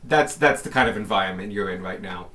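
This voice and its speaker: A man's voice: on the low side, brisk, bright, forceful tone. A man narrating a tabletop game as game master, rambling with lots of fillers.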